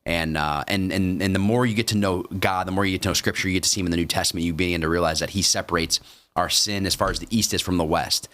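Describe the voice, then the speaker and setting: A man's voice: low-pitched, fairly even intonation, quick pace, fairly bright tone. A man co-hosting a faith podcast, speaking earnestly and agreeably, with frequent restarts. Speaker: podcast co-host. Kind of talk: casual faith discussion.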